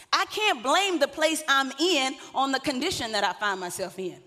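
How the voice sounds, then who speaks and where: Lady pastor preaching, high bright voice, chatty jokey asides, big reverby hall. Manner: conversational preaching, joking asides to the congregation. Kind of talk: sermon.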